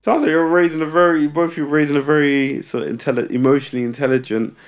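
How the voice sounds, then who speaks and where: A man's voice: fairly high pitch, steady tone, fast. A man co-hosting a podcast in casual conversation, listening closely and answering with short reactions and questions. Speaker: podcast co-host. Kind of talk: casual chat.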